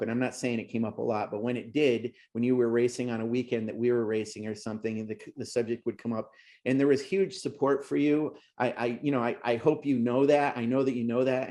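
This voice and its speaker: A man hosting a racing podcast, talking in a rambling, emotional way and getting worked up as he goes. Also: a little mellow. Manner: emotional, rambling, pitch rising when worked up. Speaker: podcast host and race announcer. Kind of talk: casual podcast interview.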